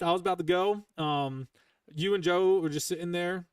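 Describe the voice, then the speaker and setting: A man's voice: sits high, steady tone, brisk, clean tone, far from the mic. A man hosting a podcast, telling a heated, profane story in casual chat and rambling with restarts. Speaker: podcast host.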